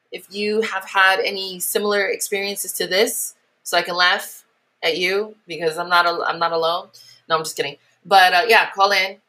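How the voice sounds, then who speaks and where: A woman in her late thirties hosting her own podcast, telling a story in a casual rant with lots of swearing and acted-out voices. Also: on the low side. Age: 30s. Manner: animated storytelling, acting out voices, swearing freely. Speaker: podcast host.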